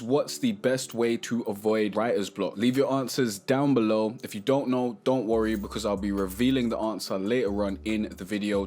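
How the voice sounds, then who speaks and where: A man hosting a casual music tutorial, talking to camera in a relaxed, chatty way and sometimes singing short melody snippets. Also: medium pitch.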